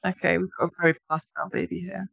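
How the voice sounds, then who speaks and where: A woman's voice: on the low side, little pitch movement, fast, creaky, fairly bright tone, no room sound. A woman co-hosting a podcast, a new mother chatting casually and laughing at her own stories. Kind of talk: casual chat.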